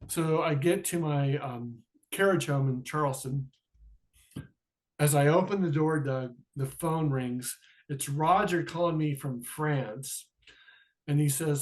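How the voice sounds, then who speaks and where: A man telling a personal story as a podcast guest, animated and acting out the dialogue. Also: fairly high pitch, moderate pace.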